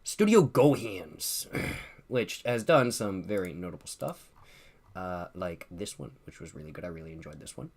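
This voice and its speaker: A man's voice: low-pitched, lively intonation, moderate pace, darkish tone. A young man hosting a casual livestream, chatting and reading viewer comments in a loose, profane, slangy way, often repeating himself and laughing. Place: at home streaming with a drink at hand.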